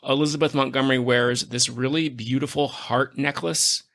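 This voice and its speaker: A man's voice: medium pitch, steady tone, moderate pace, fairly bright tone. A man hosting a podcast in casual chat, an effusive storyteller who gushes with enthusiasm. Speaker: podcast host.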